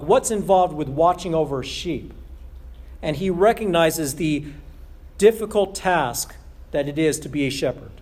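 Emphatic pastor preaching, slightly high voice. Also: male voice. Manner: emphatic, repeats key phrases, slows down on scripture quotes. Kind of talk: sermon.

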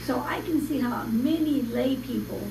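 A woman's voice: high voice, moderate pace, creaky, warm tone, a little hiss or hum. A woman in a class speaking up candidly with questions and objections. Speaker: class member. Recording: distant roomy mic with crowd behind.

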